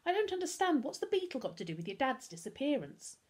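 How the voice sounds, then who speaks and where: A woman's voice: sits high, big pitch swings, fast, a little mellow, voice pushed up. A woman voicing a nervous, cautious boy who frets and grumbles. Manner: fretful, grumbling.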